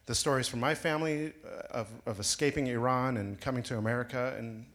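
A man's voice: mid-range voice, a little fast, fairly bright tone. A man in a church sanctuary giving a personal testimony, hesitant and searching for words.

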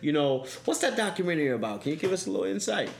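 A man hosting a casual interview, animated and joking, often laughing. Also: sits high, very fast, creaky, slight background noise. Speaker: podcast host. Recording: roomy echo.

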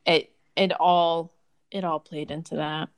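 A woman's voice: low-pitched, level tone, a little slow, clean tone. A woman in casual conversation, telling personal stories expressively with laughing asides.

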